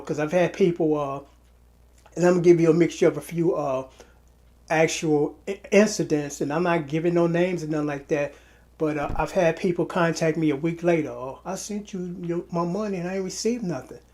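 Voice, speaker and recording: A man's voice: a little high, darkish tone. A tired man running his own channel, talking straight to his buyers in a rambling way, repeating and restarting his words. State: tired from little sleep. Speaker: online seller and channel host. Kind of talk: casual direct-to-camera vlog.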